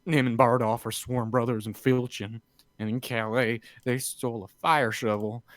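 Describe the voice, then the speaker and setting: A young servant boy fed up with his thieving companions, read by a man in an earnest monologue. The sound is dry and close, with a voice of medium pitch. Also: little pitch movement, moderate pace, no room sound, close to an everyday voice. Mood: indignant.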